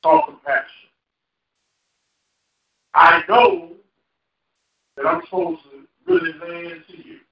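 A male pastor preaching a sermon with call-and-response, laughing at times and rising into shouts. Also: very high-pitched, sing-song, measured pace, gravelly, long pauses. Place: church sanctuary. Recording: echoey church hall, lo-fi. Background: congregation responding.

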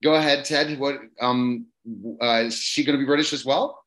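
A man hosting a casual interview, eager and halting, often restarting his sentences. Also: mid-range voice, fairly even intonation, a bit bright. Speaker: host.

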